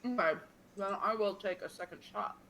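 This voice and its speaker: A woman's voice: mid-range voice, moderate pace, a bit bright, a little hiss or hum. A woman playing a tabletop game, hesitantly narrating her character's actions with many ums. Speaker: player.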